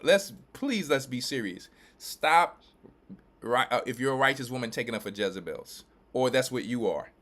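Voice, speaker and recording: A mid-pitched man from Louisiana and Texas speaks as a church elder and pastor. He preaches his commentary emphatically, repeating himself and restarting his phrases. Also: expressive, a bit bright. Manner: emphatic and repetitive, with quick restarts.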